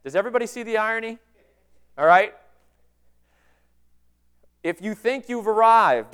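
A male pastor preaches a sermon conversationally, firing off rhetorical questions and often tacking on "right?" His voice is high-pitched, a bit bright, and clean in tone.

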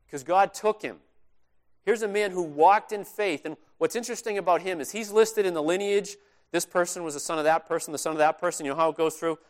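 Male pastor, earnest conversational sermon delivery, fairly high voice, leans hard on key lines.

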